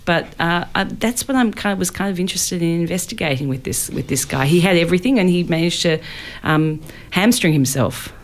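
A woman's voice: on the low side, animated, brisk. A woman, an author and archaeologist, chatting animatedly in a radio studio interview and laughing often.

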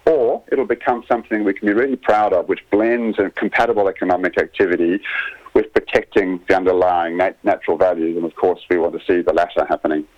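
A man with a very deep voice speaks earnestly as a campaigner, restarting his sentences often. He comes through a dull phone line. This is a radio interview. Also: fairly even intonation, quick pace. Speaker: conservation campaigner, phone guest.

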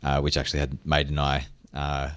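A man, a restaurateur guest in a radio studio interview, speaking haltingly with many fillers. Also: rumbling low, monotone, fairly bright tone.

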